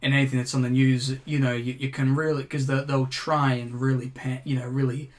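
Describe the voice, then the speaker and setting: A man's voice: medium pitch, level tone, brisk. A young man co-hosting a podcast, chatting casually and rambling with lots of "you know" fillers. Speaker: podcast co-host. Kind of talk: casual chat.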